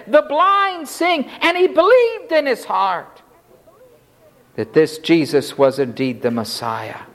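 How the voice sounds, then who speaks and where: A man preaching an expository sermon with dramatic emphasis, acting out the pleas of the figures in the text. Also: sits high. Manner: dramatic, voices the leper's pleas.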